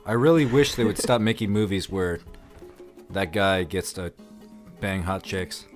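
A man's voice: deep voice, fairly even intonation, unhurried, faint music behind. A man in casual chat, blunt and grumpy, often answering tersely.

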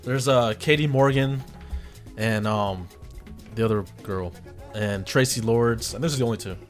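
A man's voice: mid-range voice, normal speed, soft background music. A man hosting a radio show in casual chat, telling stories animatedly with frequent restarts and laughter.

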